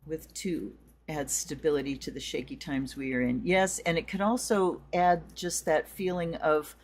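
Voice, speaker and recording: A woman hosting a tarot and astrology livestream, chatting in a rambling way with viewers and then leading a slow blessing. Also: low voice, fairly even intonation, a little mellow. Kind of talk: casual livestream chat and ritual blessing.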